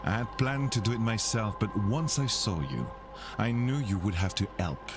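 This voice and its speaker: A man's voice: on the low side, expressive, normal speed, over music, natural voice. A man voicing a pompous French debunker of fake mystics, using a theatrical put-on French accent in a drawling manner. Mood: insistent.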